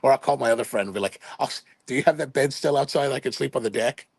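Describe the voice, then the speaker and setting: A man's voice: mid-range voice, fast talker, gravelly, breathy edge, no room sound. A man in his fifties from Hawaii, hosting a livestream and telling rambling, chatty anecdotes in which he quotes himself playfully. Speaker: livestream host. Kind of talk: casual livestream storytelling.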